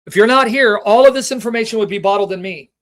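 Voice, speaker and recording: A man's voice: sits high, fast talker, a bit bright. A man hosting a livestream Bible teaching, passionate and emotional, speaking straight to his viewers and asking them rhetorical questions. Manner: reads scripture references aloud with rhetorical questions. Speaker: Bible teacher and show host.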